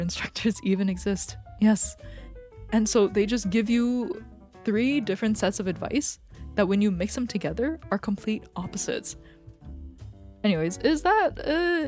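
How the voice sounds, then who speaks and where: Young woman streamer, casual and profane, middle-pitched, faint music underneath. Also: a little mellow. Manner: chatty, swearing, laughing often, venting.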